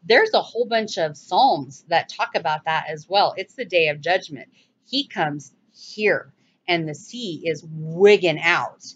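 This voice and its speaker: A woman giving a casual, animated bible teaching, rambling with restarts and sudden exclamations. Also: fairly low pitch, a little slow, breathy edge, highs cut off.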